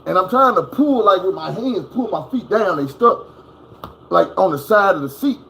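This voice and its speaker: Guy telling a crash story at home, swears a lot, kinda high voice, does the bangs and booms himself, bit of room hiss. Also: animated, normal speed, vocal fry, pushed and bright. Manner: profane, vivid, acts out sounds. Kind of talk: casual storytelling. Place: at home indoors.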